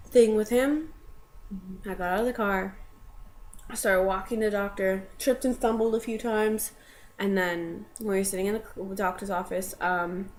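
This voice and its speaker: A little hiss or hum underlies this young woman's mid-range voice as she casually recounts a personal story on camera. Her telling is rambling and full of fillers, and she dissolves into tearful laughs within quotes.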